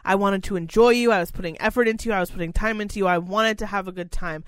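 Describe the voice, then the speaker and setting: A young woman ranting in a relaxed chat, cursing freely and getting worked up with exaggerated outrage. Her pitch sits mid-range, and the recording is dry and close with no room sound. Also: fast talker, dry recording. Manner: profane, emotional ranting. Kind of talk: casual chat.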